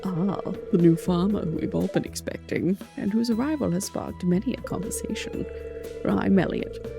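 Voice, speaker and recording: A woman's voice: medium pitch, moderate pace, gravelly, over music, close to an everyday voice. A woman voicing a refined, pompous young man in a farming game, speaking in a grand, formal way. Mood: grandiose.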